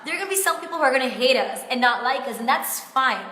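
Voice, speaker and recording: A woman's voice: high-pitched, lively intonation, fast, bright, forceful tone. A woman business coach talking in a live-streamed coaching session, effusive and heartfelt, close to tears, with "like" sprinkled through her talk. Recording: echoey room with long reverb.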